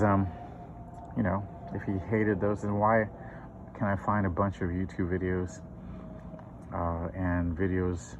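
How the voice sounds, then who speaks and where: A middle-aged man hosting his own channel, giving a political opinion monologue with many fillers and restarts. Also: low-pitched. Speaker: channel host. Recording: dull lo-fi recording with faint noise.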